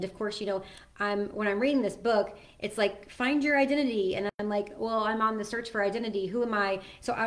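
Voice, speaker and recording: A woman hosting a casual solo talk, chatty and earnest, with frequent ums and self-corrections. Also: medium pitch. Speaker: host sharing personal advice.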